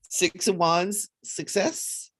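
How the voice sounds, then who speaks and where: A woman hosting a casual psychic livestream, chatty and animated, often laughing as she reads cards. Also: fairly low pitch, drawn-out words. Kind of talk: casual livestream chat with card readings.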